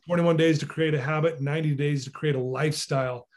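Earnest higher-voiced male coach. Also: steady tone, fast, darkish tone. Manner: earnest, repeats phrases for emphasis. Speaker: mental fitness coach. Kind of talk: podcast guest conversation.

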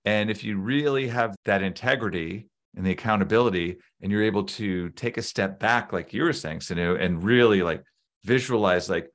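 Man, deep-ish voice, casual podcast chat, reflective, explains with examples. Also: moderate pace, fairly bright tone.

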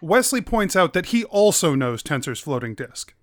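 A man running a tabletop game as game master, giving slow, deliberate rulings. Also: on the high side, big pitch swings, no echo, studio quality.

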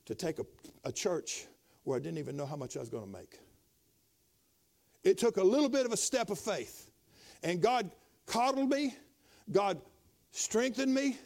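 A middle-aged man preaching a sermon as a pastor, dropping to quiet tones and then rising to loud exhortation. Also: high-pitched, sing-song, moderate pace, creaky, long pauses.

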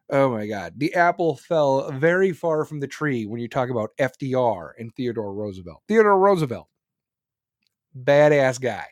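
A man's voice: medium pitch, animated, moderate pace, no room sound, studio quality. A male podcast host ranting about politics in a blunt, profane, heated way. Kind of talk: opinionated political rant.

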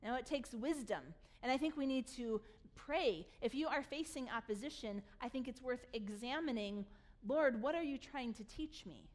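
Woman pastor, high voice, animated sermon storyteller who reads scripture then retells it with humor. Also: normal speed.

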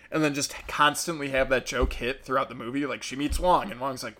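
A man giving a casual, profane and sarcastic movie review, mocking the characters with quick impressions. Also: mid-range voice, steady tone, bright, forceful tone. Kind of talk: casual rant.

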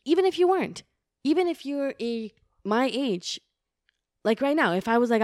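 A woman's voice: on the high side, lively intonation, normal speed, dry recording, clean studio sound. A young woman in casual chat, ranting bluntly and swearing.

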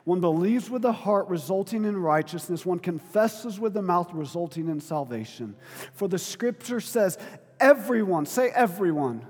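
A man with a high voice delivers a sermon in a big church hall, where a long reverb trails after his words. He preaches in a conversational, informal way, moving between quiet reflection and loud, emphatic appeals. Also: lively intonation, moderate pace. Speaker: pastor.

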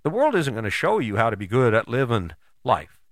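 A man's voice: mid-range voice, very animated, fairly quick, no room sound, studio quality. A man hosting a casual motivational talk, folksy and conversational, often asking rhetorical questions. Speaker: host.

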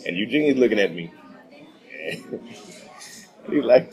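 A middle-aged man from Texas telling a story as a radio guest, animated and laughing often. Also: medium pitch, moderate pace, long pauses, low-quality recording. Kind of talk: casual storytelling.

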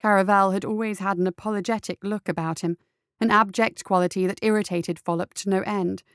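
A woman narrating a story in a steady, measured reading voice. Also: medium pitch, smooth, no room sound, clean studio sound.

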